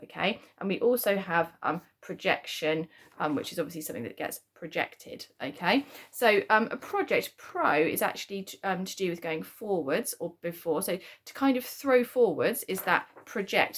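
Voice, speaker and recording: A woman explains spelling to young pupils from her home. She talks in a loose, chatty way, often pausing on "um" and "kind of" as she goes. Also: medium pitch. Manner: chatty, lots of "um" and "kind of" fillers. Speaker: primary school teacher. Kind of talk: spelling lesson for children.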